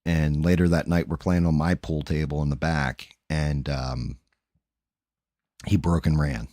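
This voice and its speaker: A man's voice: extremely low pitch, fairly even intonation, a little slow, warm tone, dry recording, studio quality. A middle-aged man hosting a livestream, chatting casually and candidly with his viewers in a rambling way, swearing freely. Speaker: livestream host. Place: home.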